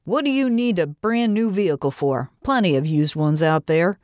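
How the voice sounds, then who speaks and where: A cranky, gruff farmer in his eighties grumbles through a spoken story, voiced by a woman. The voice sits low and the sound is dry and close. He is blunt and impatient. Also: expressive, normal speed, a little mellow, dry recording, close to an everyday voice. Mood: gruff grumbling. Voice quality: gruff, complaining. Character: gruff grumpy 84-year-old male farmer.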